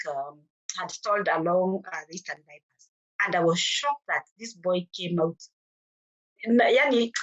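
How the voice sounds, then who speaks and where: A woman's voice: medium pitch, fairly bright tone, highs cut off. A middle-aged woman with a Kenyan accent, earnestly telling her own story as a mother at a forum and acting out the exchanges she recalls. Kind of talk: personal testimony at a forum.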